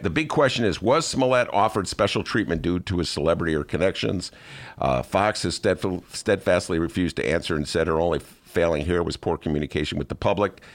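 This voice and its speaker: A man hosting a casual talk show, jokey and animated, often slipping into mock voices. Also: fairly low pitch. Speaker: podcast host. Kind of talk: casual chat.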